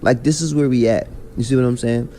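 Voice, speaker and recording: A man's voice: medium pitch, a little fast, slight background noise. A man hosting a podcast, ranting in casual chat full of slang. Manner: animated, ranting, heavy slang. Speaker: podcast host.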